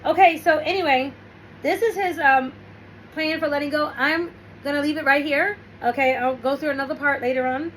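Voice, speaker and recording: A woman's voice: high voice, normal speed, a bit bright, a little hiss or hum, low-quality recording. A woman host talking casually and rambling through a story while giving relationship and self-help advice. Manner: rambling, restarts, storytelling with quoted asides.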